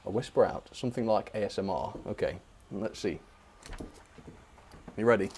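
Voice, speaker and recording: Mellow-voiced man hosting a live stream. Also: medium pitch. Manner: chatty, friendly, thanks viewers by name. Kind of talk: reading out viewer chat requests.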